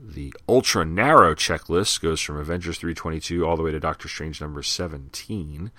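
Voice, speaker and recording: A man with a very low voice and a bright, forceful edge hosts a solo podcast. He rambles conversationally with plenty of fillers, recorded dry and close. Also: normal speed, no echo. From Long Island, New York. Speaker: podcast host. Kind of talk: casual solo podcast commentary.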